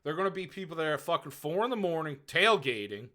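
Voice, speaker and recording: A man co-hosting a sports podcast, ranting loudly in casual profane chat. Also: fairly high pitch, very animated, quick pace. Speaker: podcast co-host.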